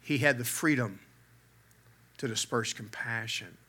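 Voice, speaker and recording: A man's voice: mid-range voice, unhurried, bright, forceful tone, slightly rough. A man preaching a sermon from the pulpit, mixing humor with earnest emphasis that swells and drops. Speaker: pastor.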